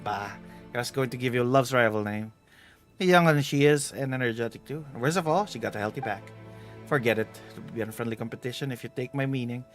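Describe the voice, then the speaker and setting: A man's voice: mid-range voice, fast talker, soft background music, natural voice. A man reading as a teasing older woman adventurer. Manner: teasing, bossy, playful read-aloud. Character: playful older woman treasure hunter with a bad back. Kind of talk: reading game dialogue aloud.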